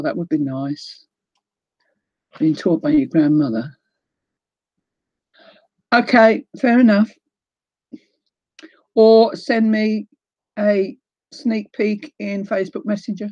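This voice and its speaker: Older New Zealand-accented woman, warm mellow tone, chatty livestream host, dull lo-fi audio. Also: medium pitch, slow, pauses often, dry recording. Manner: chatty, greets viewers by name, laughs often. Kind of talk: casual livestream chat.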